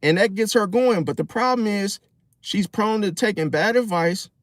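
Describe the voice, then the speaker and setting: A man's voice: sits high, moderate pace, dry recording, studio quality. Slangy, profane man riffing on relationships. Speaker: relationship and astrology commentator. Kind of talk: casual monologue.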